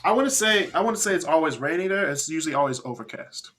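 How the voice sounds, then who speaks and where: Animated joking man hosting a chat. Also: fairly high pitch, fast. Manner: animated, joking, leads the topics. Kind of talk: casual chat.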